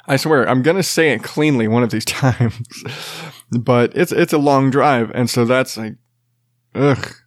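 A man's voice: medium pitch, unhurried, dry recording, clean studio sound. A tired man in his thirties, a podcast host and father, chatting casually, rambling and restarting sentences, laughing often and swearing casually. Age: 30s. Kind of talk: casual chat.

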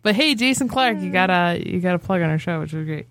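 A woman with a Midwestern American accent chats loosely on a podcast and jumps from one tangent to the next. Her voice sits at a middle pitch, and the recording is close and dry. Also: animated, fast talker, no echo. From Michigan. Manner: rambling, jokey, loses her train of thought. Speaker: podcast co-host. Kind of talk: casual chat.

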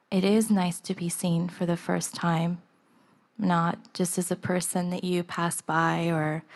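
A young woman telling a personal story in the first person, earnest and emotional, laughing at times. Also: lowish voice. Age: young adult.

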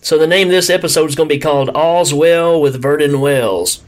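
A man's voice: fairly high pitch, brisk. A man co-hosting a movie podcast, jokey and often laughing in casual chat. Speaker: podcast co-host.

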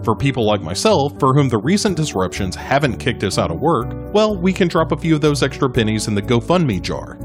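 A man's voice: mid-range voice, sing-song, brisk, few pauses. Friendly man reading a promo over music. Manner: friendly, conversational appeal. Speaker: podcast network promoter. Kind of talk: scripted promo read.

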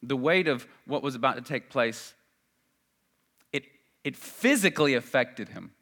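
A man preaching a sermon in an earnest voice that swells loud and high at emphatic moments.

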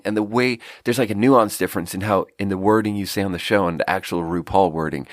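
He talks briskly with a low pitch, hardly pausing, in a studio-quality recording free of echo. On his solo podcast, the stuffy-nosed host muses in a rambling, self-deprecating way, and a slight South African slip creeps into his accent.

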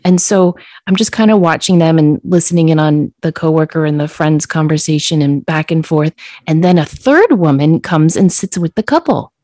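A woman podcast co-host telling a story in casual chat, acting out quoted lines in a higher voice. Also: animated, moderate pace, warm tone, dry recording.

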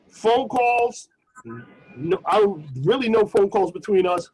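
Slangy high-voiced husky storyteller man. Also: takes it slowly, a little mellow, rough recording. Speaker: podcast co-host. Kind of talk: casual storytelling chat.

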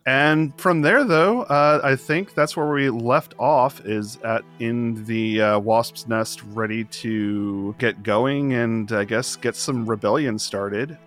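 A man's voice: mid-range voice, takes it slowly, hardly any pauses, fairly bright tone, faint music behind. A man hosting a tabletop game podcast who chats casually with his group, laughs easily and reads out listener emails.

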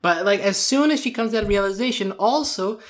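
A man co-hosting a casual cartoon review chat, speaking in halting bursts with frequent restarts and fillers. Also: high voice. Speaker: podcast co-host.

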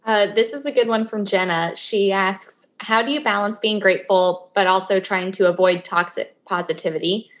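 A woman's voice: medium pitch, normal speed, hardly any pauses, fairly bright tone. A woman moderating a live session, reading out audience questions to the guest.

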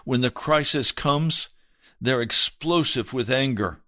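A male pastor reads aloud from the pulpit in an earnest, measured manner, letting his voice fall soft and low to stress points. The recording is clean, studio quality, with no room sound.

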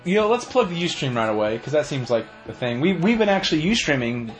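A man's voice: a little high, big pitch swings, fast, faint music behind, poor audio. Joking rambling male podcast host. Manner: joking, rambling, self-correcting. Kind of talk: casual chat.

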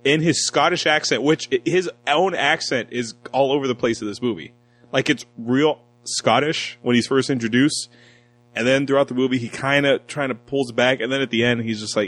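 A man's voice: mid-range voice, normal speed, a bit bright, poor audio. A man co-hosting a casual film review chat, joking and sarcastic, acting out lines from the movie. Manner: joking, sarcastic, acts out quotes with a voice. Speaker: podcast co-host reviewing a film.

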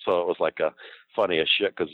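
A low-voiced older man rattles off rambling, profane wrestling stories at a fast clip, often breaking into laughter. The recording is dull and lo-fi, with a dry, close sound and almost no room. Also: steady tone, no room sound. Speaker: guest recounting wrestling career. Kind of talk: casual storytelling.

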